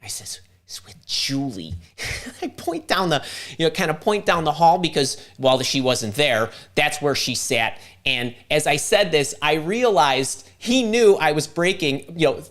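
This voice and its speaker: A man's voice: a little high, expressive, unhurried, fairly bright tone. A man in his fifties hosting a live stream, telling a long personal story with lots of restarts and repeated words. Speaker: host.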